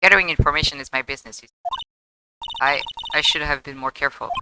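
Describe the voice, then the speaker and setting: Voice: mid-range voice, quick pace, very noisy, natural voice. A streamer reading a pompous, mock-polite villain from a video game, with florid speech. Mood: smug. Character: pompous smug villain man, gentleman blackmailer.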